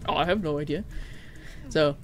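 Male game streamer, casual chat with viewers, rambly and filler-heavy, quick to laugh and swear. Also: a little high, a bit bright, slight background noise. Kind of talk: casual gameplay commentary, chatting with viewers.

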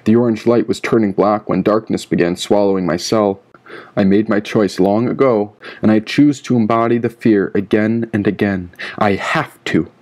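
A man's voice: on the low side, moderate pace, a little mellow. A man reading his own audiobook aloud in a grim, rhythmic first-person telling. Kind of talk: audiobook narration.

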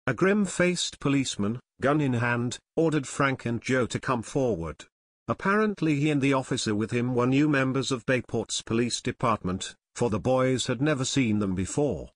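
A man reading a novel aloud as an audiobook narrator, steady and measured. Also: mid-range voice, no room sound. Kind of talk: scripted narration.

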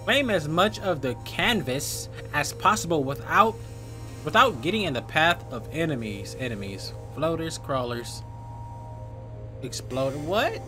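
A man riffs his way through a video game with crude, slang-filled jokes, his voice swinging up and down as he reacts. Loud game music plays underneath him. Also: fairly high pitch, lively intonation, measured pace. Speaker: gaming youtuber. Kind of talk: casual gameplay commentary.

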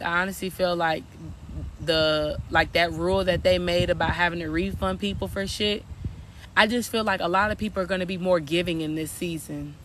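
High-pitched guy doing a casual spiritual reading, keeps repeating himself, bit of noise in back. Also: bright, forceful tone. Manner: preachy, repetitive, addresses viewers as y'all. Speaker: spiritual coach.

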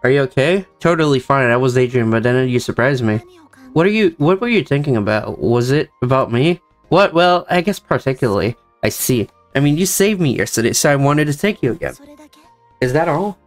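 A man's voice: medium pitch, lively intonation, faint music behind. A young man reading a visual novel's dialogue aloud for the characters, with joking asides of his own. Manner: plays each character in quick shifts of voice, joking asides. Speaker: gameplay narrator.

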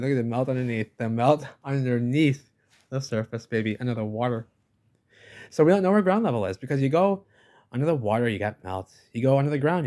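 A man's voice: medium pitch, a little mellow. A man giving commentary over video footage in an emphatic, dismissive manner, repeating catchphrases.

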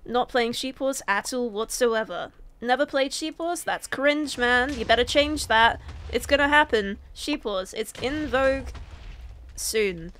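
A woman's voice: fairly high pitch, a little slow, a bit bright. A young woman casually commentating her gameplay as a gaming YouTuber, rambling in a comically dramatic, self-mocking way.

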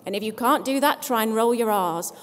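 A woman speech and language therapist leading a live audience through breathing and voice exercises in a brisk, encouraging, lightly self-deprecating way. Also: a little high, slight background noise. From England. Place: conference hall with audience. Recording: long hall reverb.

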